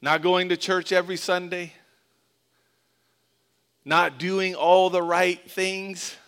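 A middle-aged man from Florida preaching in a loose, conversational way, slipping jokes in between scripture. His voice sits a little high and rings bright and clear, easy to follow as he tells a story from his boyhood. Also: flat delivery, slow pace. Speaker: pastor. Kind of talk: sermon with personal story.

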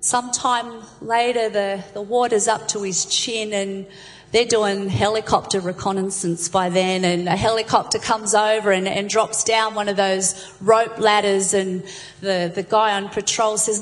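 A woman's voice: mid-range voice, measured pace. Woman preaching in a reverberant hall. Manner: animated storyteller, voices the jokes' characters. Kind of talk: sermon with humorous stories.

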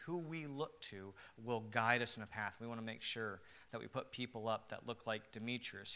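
A male pastor preaching a sermon in an earnest, emphatic way, moving between quiet reflection and loud emphasis. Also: mid-range voice.

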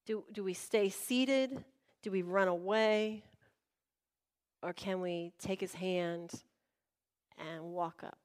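A woman pastor preaching a sermon, telling a personal story with animated, acted-out dialogue to a congregation. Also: mid-range voice, slow pace, long pauses. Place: church before a congregation.

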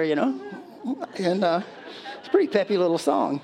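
Man, middle-aged, pastor, sermon, slightly high voice, deliberate reading, conversational preaching. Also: sing-song, gravelly, darkish tone.

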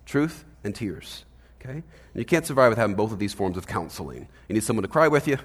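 A man preaching a sermon as pastor, conversational and animated, often checking in with "right?". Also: on the low side, fast talker, breathy edge, big-room sound. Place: church hall.

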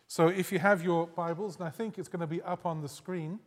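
A man preaching a sermon as a guest pastor, conversational and gently humorous, reading scripture aloud. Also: high-pitched, steady tone, brisk. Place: church sanctuary. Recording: long hall reverb.

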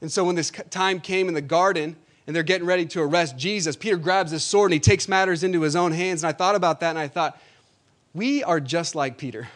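A man preaching a sermon, swinging between loud emphatic declarations and quieter storytelling, slowing down to stress key phrases and calling out to the congregation. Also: fairly high pitch.

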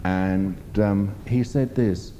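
Low dark preacher guy, emphatic rambly sermon, faint rumble behind. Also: steady tone, takes it slowly, highs cut off. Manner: emphatic, rambling storytelling with fillers.

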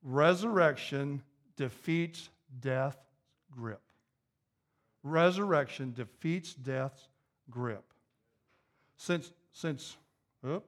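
A pastor preaching a sermon, repeating key phrases and building to an emphatic, raised intensity. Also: male voice, mid-range voice, very slow, pauses often.

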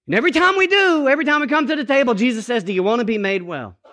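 High-voiced preacher, hushed to emphatic. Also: male voice, animated, rapid-fire. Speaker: pastor. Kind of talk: sermon.

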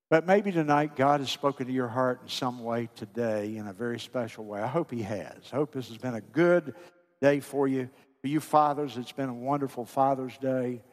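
Impassioned preacher in a reverberant hall. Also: male voice, medium pitch. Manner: impassioned, pleading preacher who drops to a hushed voice. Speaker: pastor. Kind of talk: sermon. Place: church sanctuary.

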